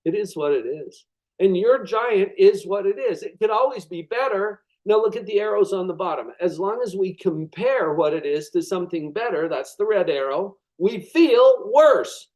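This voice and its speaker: A man presenting a motivational web class, expressive and dramatic, pausing deliberately to stress key words. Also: high-pitched, rough recording. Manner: expressive, dramatizes with acted inner thoughts. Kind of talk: motivational lecture.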